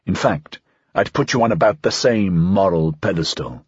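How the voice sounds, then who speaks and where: A man voicing a calm, dogged male investigator who questions in a measured, low manner in an audiobook. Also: husky, no echo, lo-fi sound. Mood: probing. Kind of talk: audiobook character voice.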